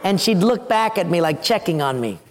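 A man preaching a storytelling sermon as a pastor, animated, acting out his own yelps and asides. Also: high voice, normal speed, big-room sound, very noisy.

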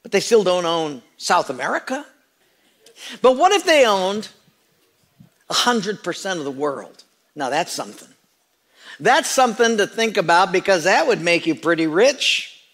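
A man's voice: high-pitched, lively intonation, normal speed, a bit bright. A man preaching a Christmas sermon as pastor, joking with his congregation in a conversational way. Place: church sanctuary.

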